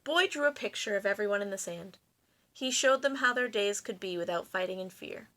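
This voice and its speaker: Expressive woman reading a children's book. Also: mid-range voice, a little fast. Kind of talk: children's read-aloud.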